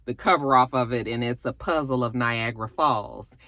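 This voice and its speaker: A woman's voice: extremely low pitch, moderate pace, fairly bright tone, dry recording. Chatty woman recapping an episode. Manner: chatty, with fillers and asides. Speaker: vlog host reviewing a TV episode. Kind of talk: casual recap chat.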